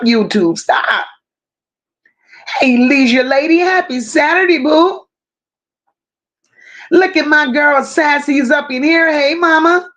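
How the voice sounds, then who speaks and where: A woman's voice: high voice, dull audio. A woman hosting a casual livestream, greeting viewers one by one and reading their chat messages aloud. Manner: warm drawn-out greetings, reads chat aloud. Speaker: livestream host.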